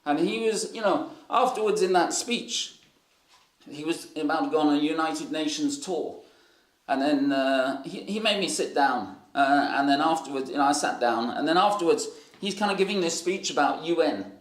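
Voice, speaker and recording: A man's voice: a little high, lively intonation, moderate pace, reverberant. A man preaching a sermon and telling stories in a loose, rambling way with many fillers and restarts. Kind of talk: sermon with storytelling.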